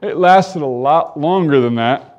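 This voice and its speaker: A man leads a Bible teaching, moving between reading scripture aloud and explaining it in his own words. His voice sits a little high for a man and rises further, more animated, whenever he quotes the characters. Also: measured pace. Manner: reads scripture aloud and stops to comment; animated, voice climbing when quoting the characters. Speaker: preacher.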